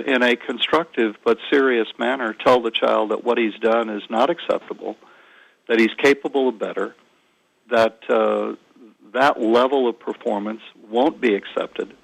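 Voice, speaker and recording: Gravelly man, earnest parenting guest. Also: mid-range voice, a bit bright, dry recording, poor audio. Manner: measured, earnest, frequent hesitations. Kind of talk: radio interview answers.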